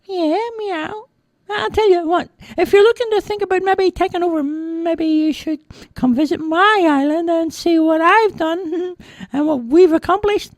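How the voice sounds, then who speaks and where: Sly little girl kitten for a storybook, very high and mewing, dry close sound. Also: unhurried, no room sound. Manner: very high squeaky voice with meows.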